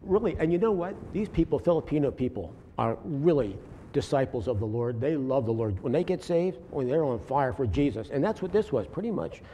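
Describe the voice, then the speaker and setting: A man telling his congregation a faith story in an earnest, halting way, often restarting his sentences. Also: medium pitch, very animated, warm tone. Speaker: lay preacher sharing a testimony. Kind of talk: informal church testimony. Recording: long hall reverb, faint room noise.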